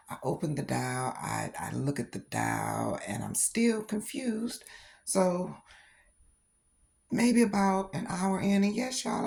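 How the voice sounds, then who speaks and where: A middle-aged grandmother who vlogs about reborn dolls tells a personal story in a casual video, laughing often and storytelling animatedly. Her voice is extremely low-pitched with vocal fry.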